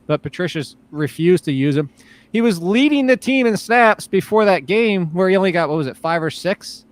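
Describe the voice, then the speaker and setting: A man analyzing fantasy football in casual podcast chat, blunt, tired and quick to laugh. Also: high voice, animated, no echo. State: tired, yawning.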